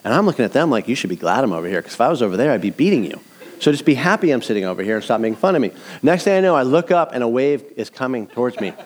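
Middle-aged man preaching; energetic storyteller who acts out the dialogue. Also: medium pitch. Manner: animated storytelling, acts out quotes. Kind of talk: sermon with personal story.

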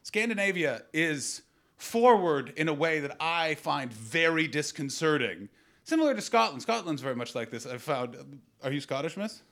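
A man's voice: on the high side, very animated. A man in his thirties from Canada, hosting a live improvised comedy podcast and doing crowd work in a small room, riffing brashly with lots of swearing. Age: 30s. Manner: brash, profane, rapid riffing that bursts into shouting.

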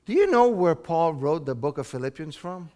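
A man preaching a sermon with animated delivery, swinging from loud exclamations to hushed asides. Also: on the high side, moderate pace, in a large hall. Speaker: pastor.

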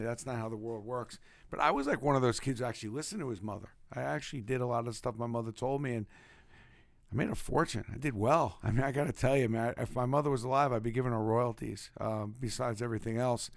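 A man with a Brooklyn accent, a podcast guest telling stories from his life in an animated, emphatic way. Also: medium pitch, fast talker, vocal fry, no echo. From Brooklyn, New York. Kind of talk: casual storytelling.

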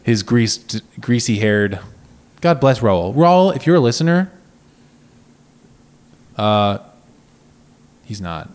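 A man's voice: fairly low pitch, lively intonation, slow pace, long pauses. A man co-hosting a podcast, rambling casually, swearing and laughing often. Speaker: podcast co-host.

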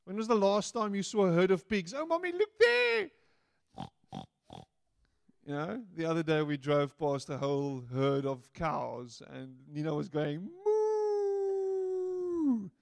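A man preaching a sermon, playful and animated, slipping into little voices to act out quotes. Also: on the high side, normal speed, vocal fry, hardly any pauses, smooth, dry recording, clean studio sound. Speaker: pastor.

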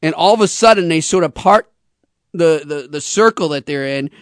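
A man hosting a sports radio show, spinning a story with plenty of chatty excitement. His voice sits a little high for a man. The studio sound is dry and close. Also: moderate pace, no room sound. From Boston. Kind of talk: casual on-air chat.

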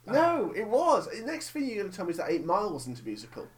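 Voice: medium pitch, brisk. A host ranting and joking about films in a casual chat. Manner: animated, ranting, jokey. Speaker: podcast host.

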